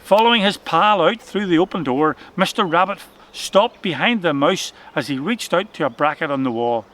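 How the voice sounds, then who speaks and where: Male children's-story narrator, expressive and dramatic, bright tone. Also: on the high side, normal speed.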